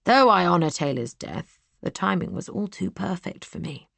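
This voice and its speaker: A woman voicing a cool, scheming young man who sneers and sometimes drops to a hush. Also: lowish voice, sing-song, moderate pace, gravelly, no echo, full character voice. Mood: coolly boastful. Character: cold scheming young man, villainous brother.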